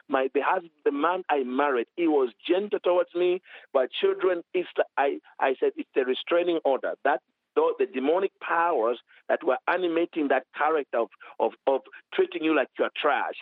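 A man minister telling a lively testimony in an interview, acting out quoted dialogue as he goes. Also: a little high, no room sound, phone-quality sound. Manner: animated storytelling with quoted dialogue. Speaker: minister, author.

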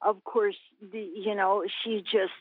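A woman's voice: mid-range voice, little pitch movement, takes it slowly, no room sound. Woman in her eighties on a phone line. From Missouri, US. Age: 80s. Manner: earnest storyteller, acts out quoted voices. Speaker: interview guest. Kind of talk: telling a faith testimony.

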